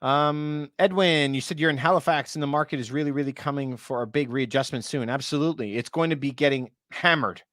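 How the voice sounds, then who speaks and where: His medium-pitched voice is a bit bright and studio-clean, with no room sound. A real estate broker hosting a casual livestream, he responds to viewers by name and throws in short asides while his voice gives out from too much talking.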